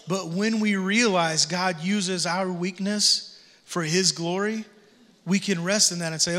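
Heard first is a long reverb tail, as a man preaches from a church stage. His voice sits high and sounds bright and sharp. He tells the story like a joking, casual pastor and throws in slang. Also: measured pace. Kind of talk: sermon. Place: church sanctuary.

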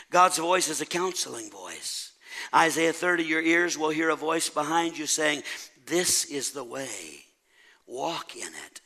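A male pastor preaching with a gravelly, bright edge to his voice. He pitches his delivery a touch high, swells into ringing shouts, then sinks to a near whisper. The cadence is a Sunday-morning sermon. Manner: preaching, rising to a shout, then dropping to a soft hush.

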